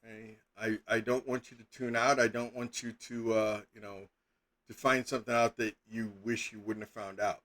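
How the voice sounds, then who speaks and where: A man's voice: lowish voice, flat delivery, normal speed, fairly bright tone. A middle-aged man chatting casually as a game master on a live stream, rambling with lots of fillers and sudden emphatic bursts.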